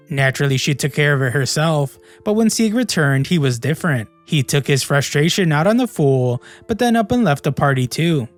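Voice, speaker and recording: A man narrating an anime recap in a snarky, jokey storytelling manner. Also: on the high side. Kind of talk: scripted narration.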